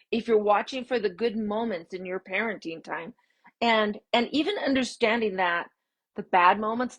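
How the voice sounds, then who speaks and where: A woman hosting a parenting live stream, talking straight to her viewers in an easygoing way. Her delivery is expressive and upbeat, with big lifts in her voice on the words she stresses. She sits at a medium pitch and comes across like a friendly coach. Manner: expressive, swooping upbeat emphasis with laughs. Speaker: podcast host and parenting coach.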